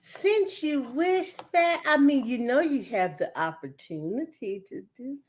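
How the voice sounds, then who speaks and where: A woman's voice: sits high, expressive, measured pace, darkish tone. A woman chatting casually, teasing and laughing often. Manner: laughs a lot, teasing interjections. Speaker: co-host. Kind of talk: casual chat.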